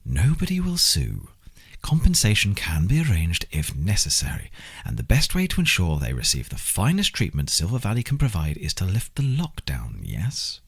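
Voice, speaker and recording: Guy doing a slow sneering slavic-accented oligarch, smug and menacing, kinda husky. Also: deep voice, wildly swooping pitch, full character voice. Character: sneering middle-aged male oligarch boss. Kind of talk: audiobook character reading.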